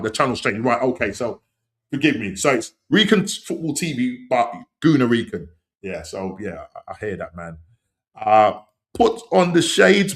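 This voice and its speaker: A middle-aged man hosting a casual live-stream chat, rambling and leaning on "you know what I mean", with sudden excited outbursts. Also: lowish voice. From England. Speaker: podcast host.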